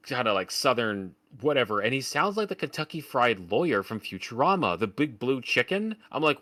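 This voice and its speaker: A man's voice: mid-range voice, expressive, normal speed, few pauses, fairly bright tone. A man co-hosting a podcast, ranting about a film in casual, profane, sarcastic talk. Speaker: podcast co-host. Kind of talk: casual film review chat.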